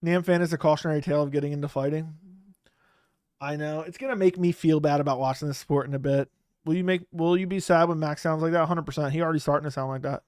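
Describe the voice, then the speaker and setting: Talking fast in a steady, a little mellow voice that's smooth, crisp and slightly high for a man, a livestream host reads viewer comments from home. His chat is blunt and slangy, frequently trailing off, captured on a close studio mic with a dry sound, no echo and no room around it.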